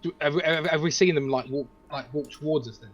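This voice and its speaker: A man playing a tabletop game, joking and talking in halting bursts. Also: a little high, no echo, rough recording. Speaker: player. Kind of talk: casual tabletop play.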